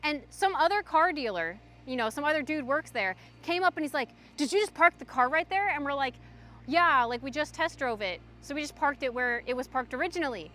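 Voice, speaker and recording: High bright chatty young woman. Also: brisk. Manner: chatty, animated, frequent "like" fillers. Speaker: livestreamer. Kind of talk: casual storytelling to chat.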